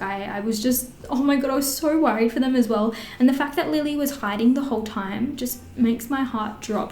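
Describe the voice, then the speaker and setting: A woman in her twenties with an Australian accent, chatting in a rambling, animated way through a get-ready-with-me beauty vlog. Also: on the high side, a little hiss or hum. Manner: rambling and animated, many fillers. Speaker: beauty vlogger. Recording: roomy echo.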